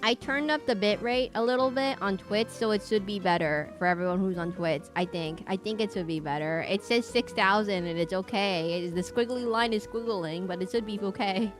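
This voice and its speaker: A woman's voice: mid-range voice, normal speed, hardly any pauses. Chatty female streamer over faint game music. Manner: chatty and rambling, with playful sing-song humming. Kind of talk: live game-stream chat.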